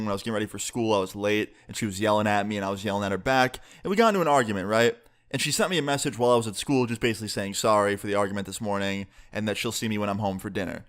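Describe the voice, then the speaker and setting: Young man, casual storytime, swearing a lot, voice leaps up high when excited. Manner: animated, profane storytelling with sudden jumps in pitch. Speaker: vlogger telling a story.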